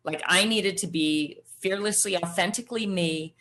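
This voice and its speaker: A middle-aged woman, a podcast guest, telling her personal story in an animated way and acting out the voices of others. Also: lowish voice, normal speed. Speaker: guest, former triathlete. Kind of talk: storytelling interview answer.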